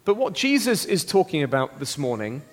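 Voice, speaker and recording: A man preaching an interactive all-age sermon, lively and playful, with frequent exclamations. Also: on the high side, normal speed, long reverb tail. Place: church.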